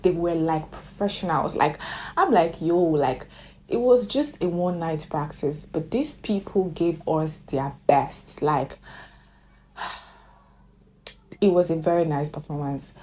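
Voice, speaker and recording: Gushing woman recapping a movie, low dark voice. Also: slow pace, a little hiss or hum. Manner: gushing and chatty, with sudden squealed exclamations. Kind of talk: casual movie recap storytelling.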